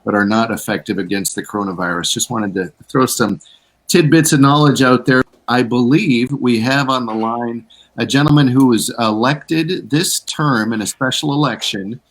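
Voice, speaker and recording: A man co-hosting an online town hall, passing along news items in a relaxed, chatty way with fillers over a video call. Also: mid-range voice, moderate pace. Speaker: co-host. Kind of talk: casual news rundown.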